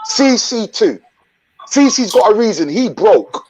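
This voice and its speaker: A man's voice: high voice, sing-song, unhurried, darkish tone, poor audio. A man, hosting his own channel and delivering an angry, blunt, profane rant that repeats its points. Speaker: channel host.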